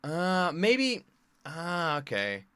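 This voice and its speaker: A man hosting an anime reaction video, chatting casually and excitedly, joking and swearing as he reacts. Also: fairly high pitch, drawn-out words, smooth, no echo. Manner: excitable, animated, jokey, swears freely.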